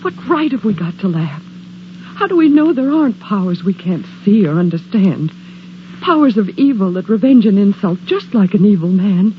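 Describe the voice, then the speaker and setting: A woman's voice: mid-range voice, animated, normal speed, natural voice. An actress playing a brooding, superstitious young woman in a 1940s radio drama, speaking in an intense, foreboding way. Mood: brooding dread. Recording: dull, hissy old radio broadcast.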